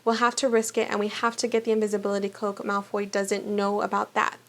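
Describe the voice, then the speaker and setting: A woman's voice: mid-range voice, monotone, brisk. A woman reading a children's novel aloud for a youth book club, with small slips and restarts, then asking trivia questions.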